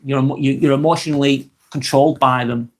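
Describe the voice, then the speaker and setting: A man's voice: mid-range voice, steady tone, fast. A man hosting a live vlog, talking bluntly and expressively, swearing freely and reading out chat comments.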